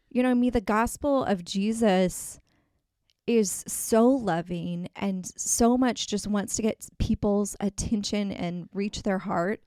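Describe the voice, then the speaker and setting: A woman's voice: medium pitch, darkish tone, no echo, studio quality. A woman co-hosting a faith podcast, talking casually and earnestly with many fillers and restarts. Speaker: podcast co-host.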